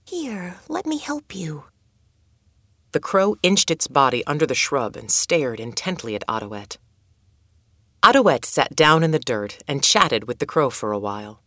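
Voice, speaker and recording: A woman reading a children's storybook aloud in a calm, measured way. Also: extremely low pitch, no echo, clean studio sound. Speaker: narrator.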